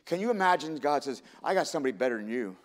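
A man's voice: mid-range voice, animated, racing. A man preaching a sermon in an earnest, heartfelt way. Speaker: pastor.

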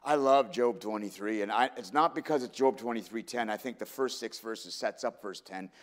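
A man's voice: fairly low pitch, normal speed. A man preaching a sermon in an earnest, heartfelt way. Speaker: pastor.

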